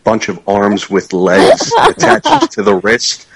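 A man's voice: lowish voice, huge pitch swings, slow pace, vocal fry, low-quality recording. A man co-hosting a podcast, telling stories in casual, sardonic banter. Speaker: podcast co-host.

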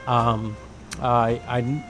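A man's voice: medium pitch, level tone, very slow, over music. A man co-hosting a radio show, teasing and sarcastic in casual chat.

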